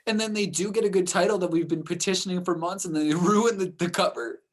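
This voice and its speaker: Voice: medium pitch, fast talker. A podcast co-host chatting casually about movies, joking around and laughing often. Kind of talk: casual chat.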